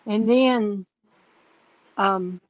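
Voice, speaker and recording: A woman's voice: mid-range voice, very slow, rough recording. Drawling woman telling stories. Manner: drawling, animated storytelling with laughs. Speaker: livestream host. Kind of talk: casual storytelling to chat.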